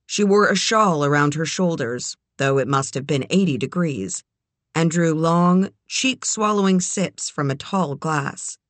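A woman narrating a novel as an audiobook reader, in a measured, even way. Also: sits low, dry recording. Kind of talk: scripted narration.

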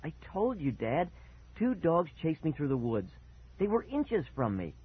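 A man voicing a frightened young boy who pleads and cries out, in a high, strained, husky voice. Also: huge pitch swings, a little slow, exaggerated voice. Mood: pleading. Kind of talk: audiobook character voice. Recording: tinny phone-like sound.

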